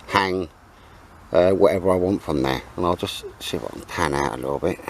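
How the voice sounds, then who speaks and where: British bloke camping vlog, deep voice, chatty and rambly, bit of outdoor hiss. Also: male voice, a little fast. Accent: British English. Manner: chatty, rambling, cheeky asides. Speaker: outdoor vlogger. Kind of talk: casual camping vlog to camera. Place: outdoors in woods at a camp.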